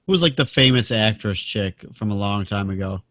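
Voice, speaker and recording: Blunt, low-voiced man arguing. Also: expressive, a little fast, fairly bright tone, no room sound. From United States. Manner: blunt, argumentative. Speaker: podcast co-host. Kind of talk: casual chat.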